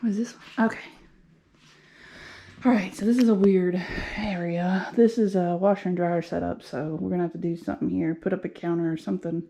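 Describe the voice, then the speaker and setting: A woman's voice: on the low side, fairly even intonation, fairly quick, vocal fry, dark tone. A woman giving a casual, upbeat walking tour of an empty commercial unit, thinking aloud as she goes. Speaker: vlogger and game lounge owner.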